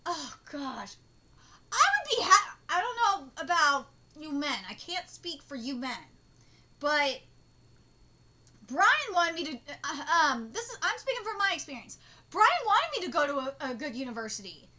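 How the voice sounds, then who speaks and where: A woman's voice: high voice, big pitch swings, a little slow, pushed and bright. A woman ranting indignantly and swearing in a live reaction to a manga chapter.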